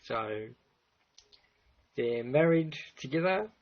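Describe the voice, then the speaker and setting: A man's voice: medium pitch, expressive, slow. A man hosting a livestream, meandering through his thoughts with many restarts. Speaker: livestream host. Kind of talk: rambling livestream chat. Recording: dull lo-fi stream audio.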